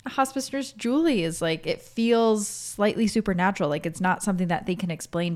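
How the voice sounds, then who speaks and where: A woman hosting a podcast, talking casually and reflectively, with lots of "like". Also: on the low side. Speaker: podcast host. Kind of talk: scripted podcast narration and interview commentary. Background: background music.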